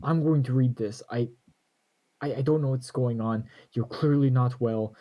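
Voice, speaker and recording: A man playing a character in a tabletop game, stammering and halting in his speech. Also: medium pitch, dull audio. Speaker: player.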